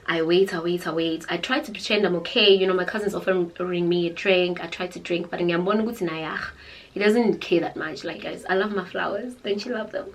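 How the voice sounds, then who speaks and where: A young woman with a South African accent, telling a storytime tale in a dramatic, animated way. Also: fairly low pitch, fairly quick, rough recording. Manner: animated, dramatic, code-switching into Zulu. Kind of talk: casual storytime chat.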